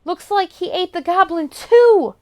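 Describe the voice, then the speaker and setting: A scared little boy in a storybook, voice trembling and panicky as he flees, acted by a woman reading aloud, pitched high and swinging up and down. He talks slowly and fearfully. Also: lively intonation. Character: frightened young boy on the run.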